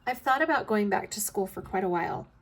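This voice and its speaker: A woman's voice: mid-range voice, expressive, quick pace. A woman in her fifties chatting casually in a rambling way, tired and yawning, her throat a little scratchy. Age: 50s. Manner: rambling, chatty, with frequent ums and yawns. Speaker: vlog host. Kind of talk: casual chat while crafting.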